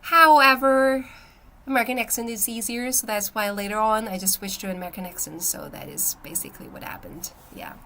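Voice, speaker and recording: Young woman, casual live-stream chat, bright tone, recovering from a cold, says "my friend" a lot. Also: on the high side, fairly quick, a little hiss or hum. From China. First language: Chinese. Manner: chatty, reads out viewer comments, frequent "my friend" and "yeah". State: recovering from illness, coughing. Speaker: livestream host.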